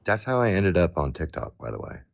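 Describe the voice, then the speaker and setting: Speaking briskly in a rumbling, creaky low voice, this middle-aged livestream host spins stories in relaxed chat. He's an animated storyteller who plays both parties in each argument.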